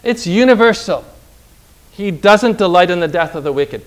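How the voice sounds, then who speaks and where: High-voiced man teaching from the Bible. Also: animated, moderate pace, poor audio. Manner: quizzing listeners with questions; emphatic, building to cheerful conclusions. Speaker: Lutheran pastor.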